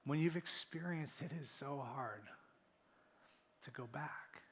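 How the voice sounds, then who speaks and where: A man preaching a sermon in a church, animated, acting out quoted voices and dropping to near-whispers for emphasis. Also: fairly high pitch, slow. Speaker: pastor. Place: church sanctuary.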